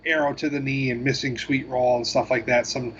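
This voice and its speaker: A man co-hosting a gaming podcast, talking in a rambling, halting way with self-deprecating asides. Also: medium pitch, little pitch movement, fairly bright tone, muffled recording, slight background noise. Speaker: podcast co-host. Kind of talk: casual chat.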